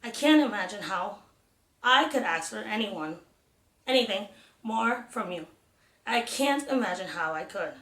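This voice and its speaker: A woman reading aloud, voicing a calm middle-aged mother who talks softly and evenly. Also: medium pitch. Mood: tearful. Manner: soft, quiet and measured. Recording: roomy echo.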